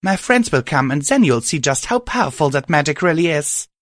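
A man's voice: a little high, big pitch swings, a little fast, a bit bright, dry recording, clean studio sound, voice pushed up. Man doing a defiant young alicorn hero. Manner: strained, defiant, urgent.

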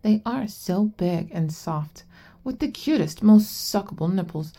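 A woman playing a slow, gravelly, domineering older-sister figure. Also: mid-range voice, animated, warm tone. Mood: soft, whispery. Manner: commanding, teasing, slow and breathy. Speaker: audio role-play performer. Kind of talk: adult audio role-play.

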